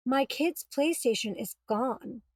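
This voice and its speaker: A high-pitched woman tells a personal story on a podcast, quick to act out both sides of each exchange. Her voice is close and dry, with no room sound around it. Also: dry recording. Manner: animated, quotes herself and others, exasperated retelling. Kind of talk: casual storytelling.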